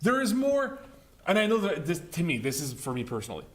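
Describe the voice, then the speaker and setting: Animated, blunt male podcast co-host. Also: a little high, brisk. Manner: blunt and opinionated, sarcastic, swears. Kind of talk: casual gaming podcast chat.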